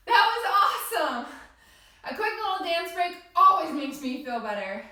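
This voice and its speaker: A woman's voice: extremely high pitch, sing-song, normal speed, sharp tone, heavy reverb, distant mic. A woman leading a yoga class for small children in a cheerful, sing-song way, talking straight to the kids. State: out of breath after dancing.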